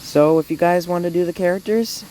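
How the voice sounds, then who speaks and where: A woman's voice: on the low side, brisk, warm tone. A woman casually announcing a fan series casting call, rambling with fillers and restarts, over a noisy hiss.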